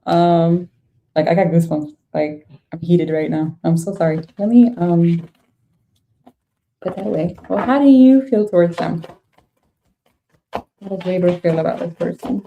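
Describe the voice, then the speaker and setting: A woman's voice: lowish voice, unhurried, vocal fry, pauses often, dark tone, slight background noise. Blunt, exasperated woman reading tarot. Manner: blunt, exasperated, swears freely. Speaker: tarot reader. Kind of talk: casual tarot reading to camera.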